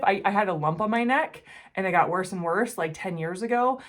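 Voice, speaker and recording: A woman in her forties telling a personal story to the camera, earnest and emotional, often speaking quietly. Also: medium pitch, normal speed. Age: 40s. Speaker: jewelry-making channel host.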